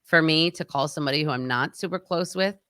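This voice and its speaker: A woman's voice: low voice, quick pace, a bit bright, dry recording, clean studio sound. A middle-aged woman co-hosting a podcast, talking in a reflective, hesitant way. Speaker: podcast co-host. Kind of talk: casual chat.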